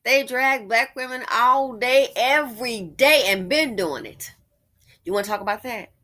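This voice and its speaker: A woman's voice: a little high, a little slow, a bit bright. A woman giving sassy, exasperated opinion commentary as the host of her channel. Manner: sassy, exasperated, mocking impressions. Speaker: commentary vlogger.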